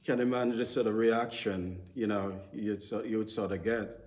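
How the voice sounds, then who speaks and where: Man, low voice, rambling informal church talk peppered with fillers. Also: steady tone, normal speed, a little mellow. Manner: rambling, heavy use of "sort of" and "you know". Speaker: church speaker. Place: church service.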